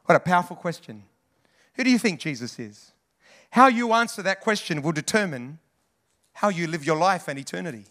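Bright, high-voiced male preacher. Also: brisk. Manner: animated, conversational preaching with asides to the congregation. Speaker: pastor. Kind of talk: sermon.

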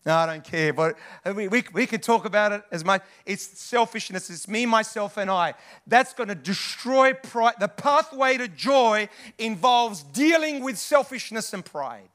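A male pastor preaches in a high, bright voice. He talks to the congregation in a lively, chatty way and calls out to the room as he goes. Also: measured pace. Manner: animated, conversational preaching with asides to the congregation. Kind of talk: sermon.

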